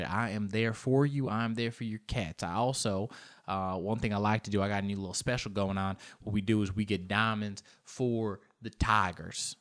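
A man voicing a shady male diamond dealer who pitches his goods in a low, soft, smooth sales patter.

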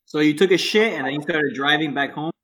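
A man's voice: fairly high pitch, fairly quick, a bit bright, slight background noise. A man co-hosting a sports podcast, teasing and pushing the others along. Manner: teasing, pushy. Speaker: podcast co-host steering the segment. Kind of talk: casual sports chat.

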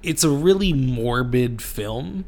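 A man hosting a casual movie podcast, talking with frequent fillers and quick laughs. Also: mid-range voice, lively intonation, a little mellow. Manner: laughs often, hesitant fillers.

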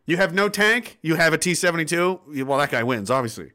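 A man's voice: on the high side, fast talker. A man from Nova Scotia hosting a livestream, ranting sarcastically and reading viewer comments aloud. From Nova Scotia, Canada. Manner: sarcastic, animated, swears, laughs often. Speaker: livestream host reading chat.

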